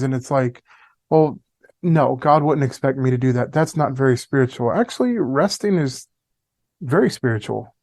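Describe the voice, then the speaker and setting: A man's voice: medium pitch, darkish tone. A man co-hosting a Christian podcast, speaking casually and reflectively with frequent restarts. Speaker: podcast co-host. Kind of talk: faith podcast conversation.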